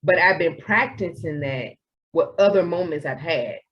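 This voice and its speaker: A young woman, co-hosting a podcast in casual chat, animated and acting out her own inner voice. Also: deep voice, moderate pace, dull audio. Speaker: podcast co-host.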